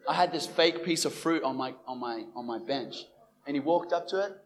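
High-voiced man telling testimony. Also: fairly quick, a little hiss or hum. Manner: animated, acts out the dialogue he quotes. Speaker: Christian evangelist. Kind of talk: personal testimony storytelling.

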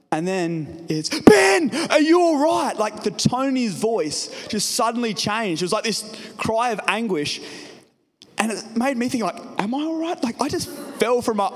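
High-voiced man preaching in a hall. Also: a bit bright. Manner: casual storytelling, addresses the congregation directly. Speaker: pastor. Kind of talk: sermon with personal story. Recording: reverberant hall.

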